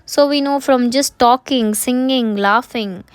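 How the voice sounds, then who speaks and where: Woman lecturer, high pitch, dry close sound, repeats points, self-posed questions. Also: unhurried, clear, resonant tone, no room sound. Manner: repeats points, asks and answers own questions. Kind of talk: medical lecture.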